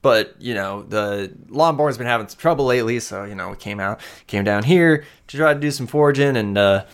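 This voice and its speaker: A man's voice: mid-range voice, a little fast, clean tone, lightly acted. A man voicing a nervous rural woman forager who stammers and rambles in a folksy drawl.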